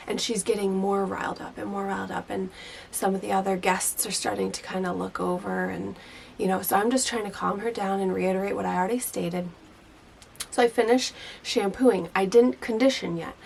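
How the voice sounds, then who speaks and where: A woman in her thirties tells a story in a loose, chatty way, with lots of "like" along the way. Her voice carries a gravelly fry, and a faint hiss sits under the recording. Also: mid-range voice. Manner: chatty, leans heavily on "like" and "you know". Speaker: hairdresser and vlogger. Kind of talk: casual storytelling.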